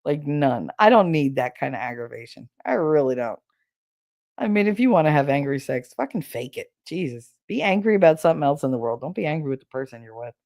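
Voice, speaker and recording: Low gravelly woman telling blunt stories. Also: brisk, dry recording, studio quality. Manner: blunt, profane, animated storytelling with laughs. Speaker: podcast host. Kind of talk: casual storytelling chat.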